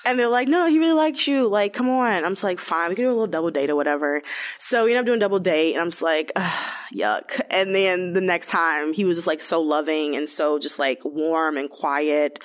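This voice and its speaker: Young woman rambling thru a story, lowish voice, lots of "like". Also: a little fast. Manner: chatty, lots of "like", animated quoted voices. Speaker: interviewee. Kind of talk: casual storytelling.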